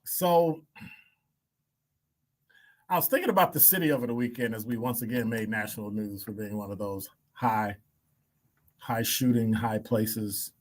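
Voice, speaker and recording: A man's voice: lowish voice, unhurried, long pauses. A male radio host giving blunt opinion commentary, emphatic and wry, stacking up rhetorical questions. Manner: blunt, wry asides and chuckles.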